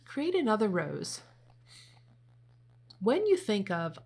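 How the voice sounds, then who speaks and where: A woman leading a guided meditation, giving slow, gentle spoken instructions. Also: medium pitch, very animated. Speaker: meditation leader.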